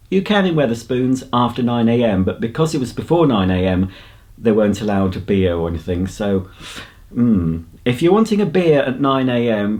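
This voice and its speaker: A man's voice: medium pitch, a little mellow. An English man vlogging in a casual chat, rambling along as he tells a story. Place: outdoors on a countryside path.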